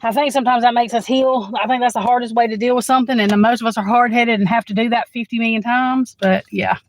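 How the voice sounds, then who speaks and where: A woman with a fairly high voice gives a live tarot reading, talking straight into her phone. She is chatty and blunt, swears freely, and keeps calling the viewer "girl" between bursts of laughter. It sounds like an off-the-cuff livestream. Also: steady tone, quick pace, rough recording. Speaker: tarot reader.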